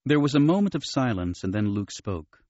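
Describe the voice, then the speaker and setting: A man narrating an audiobook with steady, expressive storytelling. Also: mid-range voice, moderate pace, no echo. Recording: dull, dry studio recording.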